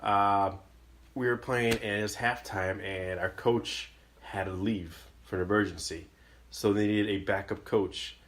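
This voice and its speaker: A man in casual podcast chat, telling an embarrassing story and shouting loud impressions of his angry father. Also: fairly low pitch, steady tone, a little slow.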